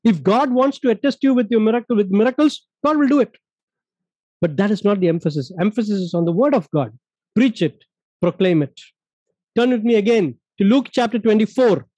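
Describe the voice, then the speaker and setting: Emphatic high-voiced man teaching scripture. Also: lively intonation, brisk, dark tone, no echo, rough recording. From India. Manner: emphatic, repeats key points and verses. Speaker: Bible study teacher. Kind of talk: Bible study teaching.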